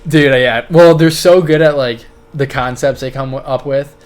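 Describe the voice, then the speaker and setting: A man's voice: mid-range voice, steady tone, normal speed, clear, resonant tone. A young man co-hosting a podcast, rambling through funny stories, swearing and laughing often. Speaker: podcast co-host. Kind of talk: casual chat.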